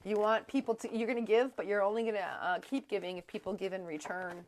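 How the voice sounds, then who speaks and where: A woman doing a live tarot and astrology reading, halting and rambling with many fillers, her throat strained and coughing now and then. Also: medium pitch, steady tone. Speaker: tarot reader.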